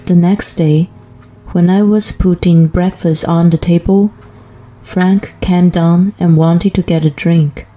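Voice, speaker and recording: Fields: Woman narrator, slow and mellow. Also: on the low side, fairly even intonation, soft background music. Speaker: story narrator. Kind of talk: scripted first-person narration.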